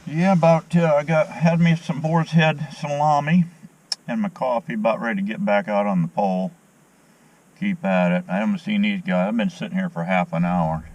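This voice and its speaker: A middle-aged vlogger fishing outdoors from a dock chats into a handheld phone with a lowish, darkish, steady voice at a moderate pace. The talk rambles in a folksy, opinionated way with many fillers, captured on a low-quality recording.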